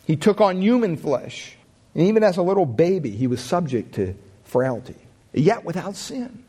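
A man preaching with a fairly high voice. He keeps putting questions to his listeners, and his pitch swings widely from low, quiet lines to bright, lifted ones as he presses each point. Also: very animated, normal speed, breathy edge. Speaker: pastor. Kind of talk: sermon.

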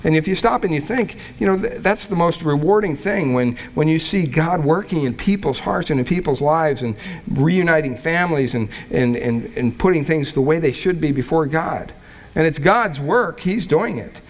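Male pastor, fairly high voice, conversational verse-by-verse sermon, reads scripture slowly. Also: animated. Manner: conversational, with frequent restarts and fillers. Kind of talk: expository sermon.

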